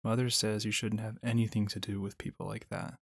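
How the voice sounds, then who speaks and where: A quick, outspoken young girl fawn from a storybook, as a man reads her. She sounds eager and a little boastful, in a low, gravelly, husky voice with a dry, close sound. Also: flat delivery, dry recording. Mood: knowing.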